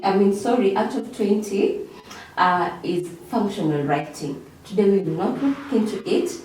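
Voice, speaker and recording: A woman's voice: mid-range voice, dark tone. A woman teacher, giving a revision lesson, who repeats key words and checks in with "okay?". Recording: very echoey room, mic far off.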